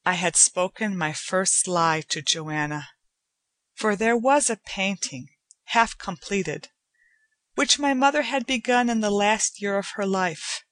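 A woman narrating a short story as an audiobook reader, in an even, unhurried way. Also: medium pitch, no echo.

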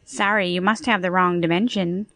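A woman reading aloud and voicing a brisk female telephone operator who speaks in clipped, businesslike phrases. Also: fairly low pitch, steady tone, vocal fry, fairly bright tone, no echo.

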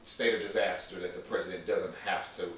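Podcast co-host, man, very low voice, rambling and halting, recorded far off in a very echoey room. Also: fairly even intonation, fairly bright tone. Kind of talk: casual chat. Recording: echoey room, mic far off, faint noise.

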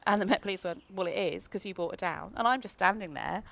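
A woman telling a lively anecdote in a casual podcast chat, often laughing and acting out what others said. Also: mid-range voice, fast talker, vocal fry, background noise. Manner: lively anecdote teller, laughs often, acts out quoted voices. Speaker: guest.

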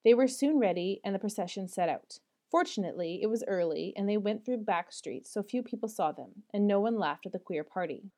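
A woman reads a classic novel aloud, measured and expressive. Her voice is mellow and soft-toned, sitting at a middle pitch. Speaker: audiobook narrator. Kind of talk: audiobook reading.

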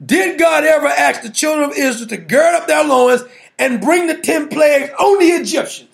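A man's voice: very high voice, normal speed, creaky. A man preaching a sermon in a colloquial, playful way, firing rhetorical questions and laughing with the congregation.

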